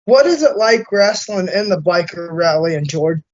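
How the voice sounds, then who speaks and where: A man hosting an interview, chatting casually and excitably with plenty of swearing. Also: sits high. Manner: excitable, profane, fast bursts. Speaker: interview host. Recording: dull lo-fi sound.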